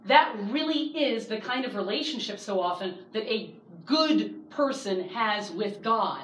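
A woman in her thirties teaching a Bible study class, lively and acting out the voices she quotes. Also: medium pitch, a little slow. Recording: echoey room, distant mic, faint hiss.

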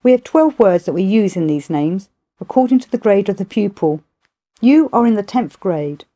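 A woman's voice: medium pitch, lively intonation, moderate pace, mellow, lightly acted. A woman voicing a stern old male immortal master who questions a new pupil. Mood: questioning.

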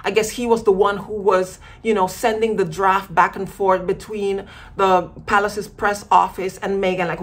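A woman's voice: mid-range voice, flat delivery, moderate pace. A woman giving a casual commentary monologue as a vlogger, emphatic and acting out quoted voices.

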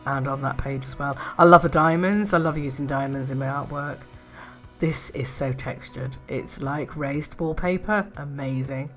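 A woman chatting casually in a craft haul video, gushing with soft admiring murmurs and little laughs. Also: sits low, normal speed, soft background music. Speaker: art and craft vlogger.

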